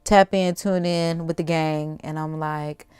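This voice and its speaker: A young adult woman hosting a casual livestream, chatty and animated, talking straight to her viewers in slangy asides. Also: low voice, a little slow, smooth, no echo, clean studio sound, faint music behind. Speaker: livestream host.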